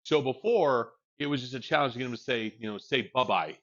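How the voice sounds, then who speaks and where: A man's voice: mid-range voice, brisk, a bit bright, muffled recording. A man with a young child streams from home, chatting casually in a rambling, frank way and swearing freely into a desk mic. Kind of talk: casual chat while livestreaming.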